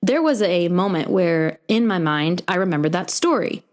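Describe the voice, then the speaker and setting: Young woman podcast host, low-pitched, animated storyteller who mimics the people in her anecdotes. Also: moderate pace. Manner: animated, acts out quoted voices in her stories. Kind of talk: casual storytelling chat.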